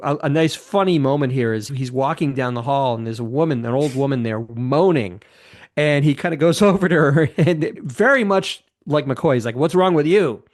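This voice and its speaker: A man in his fifties co-hosts a casual film podcast, speaking at medium pitch and a normal speed. He retells scenes enthusiastically, rambling and restarting his sentences as he goes.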